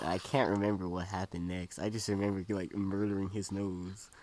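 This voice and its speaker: A young man with a fairly low voice, chatting casually on a podcast call and telling stories in a laid-back way. His audio comes with a clear hiss of noise behind it. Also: little pitch movement, normal speed, hardly any pauses, darkish tone. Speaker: podcast co-host.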